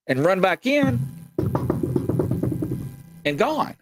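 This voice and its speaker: A man hosting a live show, telling a strange tale in a casual, animated way with lots of fillers and acted-out voices. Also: sits high, slow, soft background music. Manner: animated storyteller, acts out quoted voices, many fillers. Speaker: show host. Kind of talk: casual live-stream storytelling.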